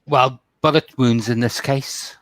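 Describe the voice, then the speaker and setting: A man voicing a nervous male security official in a tabletop role-play, reporting in halting, stammering sentences. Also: mid-range voice, steady tone, fairly bright tone, dry recording, close to an everyday voice, poor audio. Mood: dutiful.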